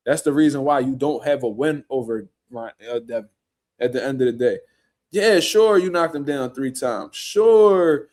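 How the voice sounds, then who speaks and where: A man's voice: mid-range voice, a little mellow. A man hosting a casual boxing reaction show, ranting bluntly in slangy, profane talk. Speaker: boxing commentary show host.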